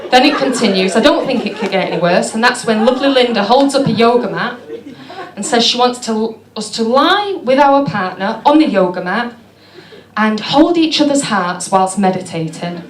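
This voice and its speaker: A woman doing stand-up, telling stories in a deadpan, self-mocking way. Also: on the high side, moderate pace. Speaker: stand-up comedian. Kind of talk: stand-up comedy. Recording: echoey venue with clear background noise.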